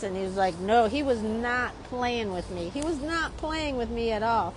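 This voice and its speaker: A woman from Chicago, a drawing teacher, telling a story in a lively, chatty way while she draws. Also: on the high side, moderate pace, hardly any pauses, background noise. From Chicago, USA. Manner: lively, keeps asking "right?".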